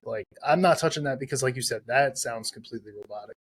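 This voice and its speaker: A man's voice: mid-range voice, fast, breathy edge. Emphatic man hosting a casual podcast. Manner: emphatic, advice-giving, repeats himself. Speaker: podcast host.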